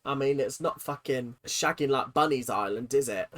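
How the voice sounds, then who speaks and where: A person hosting a comedic reaction video, incredulous and exaggerated, jumping between loud outbursts and low mutters, laughing and swearing casually. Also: moderate pace. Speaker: reaction channel host.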